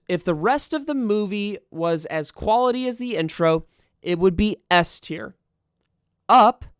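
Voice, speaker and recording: A man's voice: sits high, no echo, studio quality. A young man streaming and chatting casually, sarcastic and profane as he riffs on what he reads. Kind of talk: casual livestream commentary.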